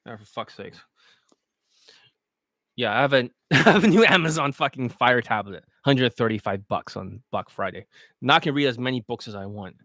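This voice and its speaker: A man talking as a dating coach in a casual livestream, blunt, boastful and full of swearing as he pitches his products. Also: expressive, normal speed, fairly bright tone, no room sound, studio quality.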